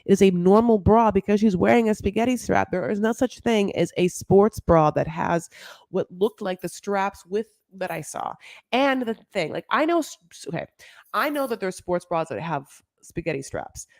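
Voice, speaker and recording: A woman's voice: medium pitch, lively intonation, normal speed, a little mellow, dry recording. A woman casually recapping a reality show, gossipy and full of filler words, calling listeners honey. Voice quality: gravelly vocal fry.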